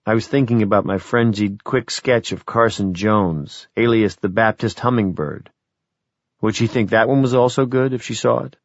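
A middle-aged man reading an audiobook in the first person, measured and reflective. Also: fairly low pitch, dry recording. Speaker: audiobook narrator. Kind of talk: scripted narration. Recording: dry, dull lo-fi audio.

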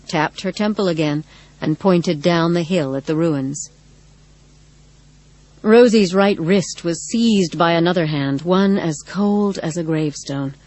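A woman narrating a dark story in a measured, dramatic reading. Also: on the low side, rough recording. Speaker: audiobook narrator. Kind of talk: scripted narration.

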